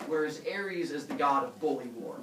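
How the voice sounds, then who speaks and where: A male teacher retelling a myth to his class in a casual, animated way, full of fillers and sound effects. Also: fairly high pitch, moderate pace, noisy background. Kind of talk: storytelling lesson. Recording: roomy classroom from far off.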